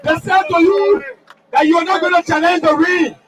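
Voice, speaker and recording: A man with a Liberian English accent giving a shouted protest speech to a crowd at an outdoor street rally. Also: extremely high pitch, fairly even intonation, moderate pace. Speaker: rally speaker. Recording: distant mic, loud crowd and noise.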